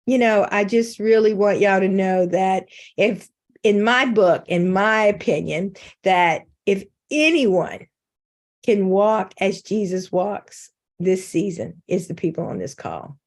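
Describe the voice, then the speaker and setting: A woman's voice: medium pitch, expressive, takes it slowly, a little mellow. Candid, joking middle-aged woman on a video call. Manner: candid, self-mocking, laughs often. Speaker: guest speaker. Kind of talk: informal faith talk.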